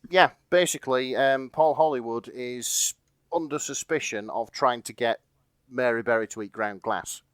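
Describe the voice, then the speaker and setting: A man co-hosts a podcast, casually retelling a fan fiction while laughing, swearing freely, and rambling with fillers. His mid-range voice moves at a moderate pace and is clear, resonant, and a bit bright. The recording is dry and studio quality.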